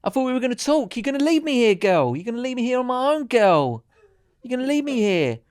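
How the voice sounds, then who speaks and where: A man's voice: extremely high pitch, sing-song, fast, smooth, no room sound, pitched above the performer's own voice. A man voicing a pushy male street fundraiser who flirts in a cheesy, wheedling, needy way. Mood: cheesy pleading.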